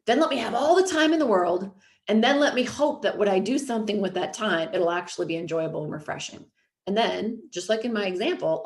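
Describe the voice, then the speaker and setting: A woman's voice: mid-range voice, reverberant. A woman in her thirties, host and coach, talking casually and filling her speech with "like" and "you know". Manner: chatty, frequent "like" and "you know". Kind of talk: casual podcast talk.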